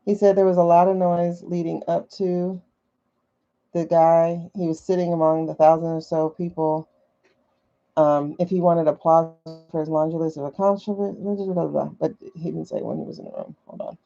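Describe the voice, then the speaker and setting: A woman's voice: sits low, fairly even intonation, moderate pace, vocal fry, dark tone, faint music behind. A woman hosting a casual livestream from her phone, chatty and skeptical, thinking aloud with many fillers. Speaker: livestream host. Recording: dull lo-fi livestream audio.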